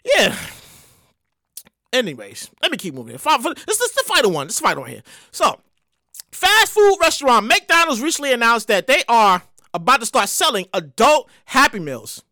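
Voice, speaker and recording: High-voiced lady ranting on her show, swearing and yelling, super animated, sharp tone. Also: moderate pace, no room sound, studio quality. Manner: loud, profane, excitable ranting. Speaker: show host. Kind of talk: comedic rant monologue.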